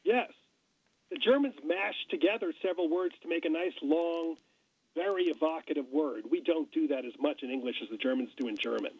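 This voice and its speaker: A man's voice: fairly high pitch, a little fast, breathy edge. A man guest chatting eagerly about words. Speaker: co-author guest. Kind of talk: casual chat. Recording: tinny phone line.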